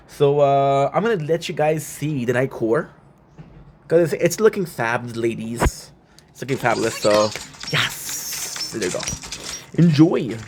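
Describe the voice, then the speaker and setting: A man streaming a game, playfully hyping up his viewers and rambling in a loose, upbeat way. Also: medium pitch. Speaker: gaming streamer. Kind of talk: hyped live-stream intro and gameplay chat.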